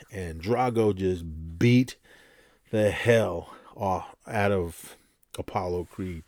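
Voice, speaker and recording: A podcast host with a mid-range voice gives a casual movie recap, retelling a film scene in a loose, rambling way. He's animated, acts out punches with sound effects, and is full of fillers and restarts, in clean studio sound with no room sound.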